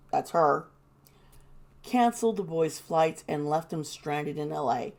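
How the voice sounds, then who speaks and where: A woman giving casual, indignant commentary, swearing and mocking the people she quotes. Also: lowish voice. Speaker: tarot reader and commentator.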